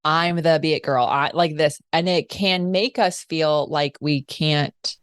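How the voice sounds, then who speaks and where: A woman hosting a podcast, chatting casually and telling stories in an animated way. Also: deep voice, unhurried, no echo. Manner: chatty, many "like" fillers, animated storytelling. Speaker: podcast host. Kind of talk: casual interview conversation.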